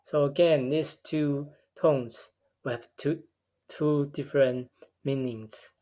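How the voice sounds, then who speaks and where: A man giving a recorded linguistics lecture, explaining step by step in a measured way and often repeating words as he goes. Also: fairly high pitch, steady tone, dark tone. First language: a tonal language.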